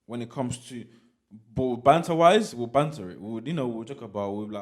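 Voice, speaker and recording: Animated man chatting as podcast host. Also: medium pitch, fairly quick. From Nigeria (Igbo heritage). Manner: animated, explains by examples, repeats "you get what I'm saying". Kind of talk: casual conversation.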